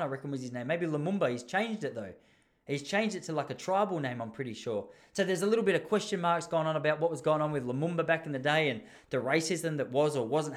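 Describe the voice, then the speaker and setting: A young Australian man hosting a podcast, telling rambling, jokey stories in casual chat. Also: a little high. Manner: rambling, jokey, animated storytelling with laughs. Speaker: podcast host.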